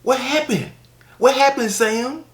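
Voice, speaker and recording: A man doing a frantic, shrill woman. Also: a little slow. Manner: shrill, pleading calls. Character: frantic woman shouting for her missing man.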